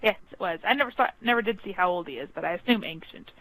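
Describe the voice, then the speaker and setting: Playful giggly woman with a lively voice. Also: medium pitch, racing, slight background noise, low-quality recording. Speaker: co-host, wife. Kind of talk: casual gameplay chat.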